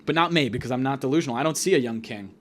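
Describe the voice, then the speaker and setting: A man's voice: mid-range voice, rapid-fire, a bit bright, slight background noise. Young man hosting a comedy podcast. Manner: mock-grandiose ranting with sudden shifts in volume. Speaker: podcast host. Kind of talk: solo comedic monologue.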